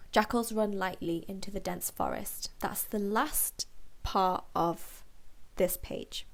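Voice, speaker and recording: A woman tutor reading a children's book aloud and patiently explaining its words, with many pauses and fillers. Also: medium pitch.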